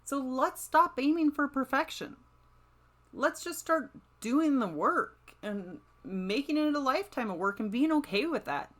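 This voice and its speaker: A woman's voice: high voice, animated, unhurried. A woman hosting a solo motivational podcast, talking in an upbeat, encouraging, chatty way and often checking in with "right?". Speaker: podcast host.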